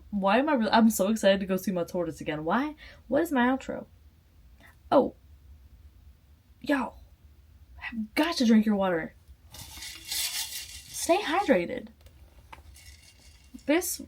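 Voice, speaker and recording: A woman's voice: a little high, darkish tone. A woman, rambling playfully through her vlog outro. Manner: playful, rambling, self-deprecating. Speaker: vlogger.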